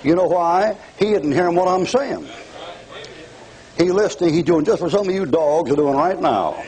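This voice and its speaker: A man's voice: fairly high pitch, moderate pace, darkish tone, rough recording. An older man preaching a televised fire-and-brimstone sermon, mocking and taunting his audience with bursts of laughter.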